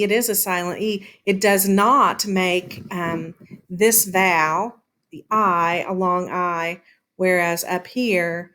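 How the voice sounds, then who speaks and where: A woman teaching a lesson, explaining patiently and sounding words out slowly, with frequent "um" fillers. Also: lowish voice, a bit bright. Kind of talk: classroom lesson on syllables.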